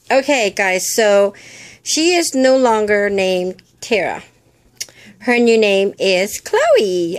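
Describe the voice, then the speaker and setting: An older woman chatting casually to camera about her hobbies, rambling with lots of fillers. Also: dry recording. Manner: coos in a high baby-talk voice to her doll. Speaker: vlogger.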